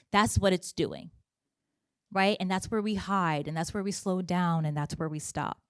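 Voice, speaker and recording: A woman giving a lively motivational business talk to a live audience, chatting with the crowd in a conversational way. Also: on the low side, normal speed, clear, resonant tone, dry recording, studio quality. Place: event room with audience.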